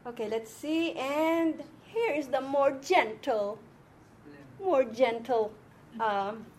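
A woman's voice: sits high, takes it slowly, darkish tone, a little hiss or hum. A woman teaching an informal Bible and Hebrew lesson to a small group, explaining step by step and often checking that her listeners follow.

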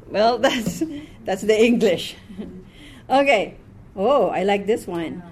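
A woman's voice: medium pitch, animated, slow, a little mellow. A woman teaching a classroom Hebrew reading lesson, patiently quizzing her students word by word.

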